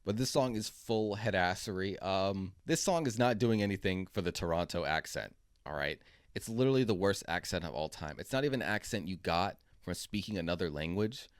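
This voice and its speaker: A man's voice: lowish voice, no echo. Blunt sarcastic male commentator, dry sound. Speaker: commentary video host. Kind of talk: opinionated commentary.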